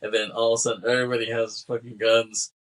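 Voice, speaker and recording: A man's voice: medium pitch, little pitch movement, fast, fairly bright tone, low-quality recording. A man co-hosting a film podcast, chatting casually and laughing often as he retells scenes. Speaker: podcast co-host. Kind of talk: casual film-discussion chat.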